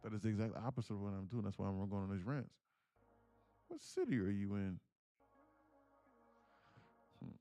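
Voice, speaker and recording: A man livestreaming his day trading, telling stories in a slangy, animated way at home. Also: on the low side, moderate pace, pauses often, faint music behind. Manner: animated storytelling, slangy, calls people bro. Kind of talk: casual livestream chat.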